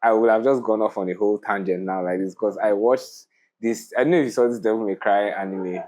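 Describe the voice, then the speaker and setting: A man's voice: lowish voice, steady tone, a little fast, darkish tone. Opinionated young man, ranting co-host. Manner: opinionated, ranting, laughs often. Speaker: podcast co-host. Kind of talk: casual podcast chat. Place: studio.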